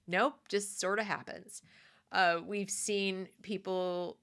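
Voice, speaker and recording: A woman's voice: medium pitch, fairly even intonation, takes it slowly, fairly bright tone. An American woman living in the South gives a conversational, opinionated monologue with fillers and restarts. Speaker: commentary host.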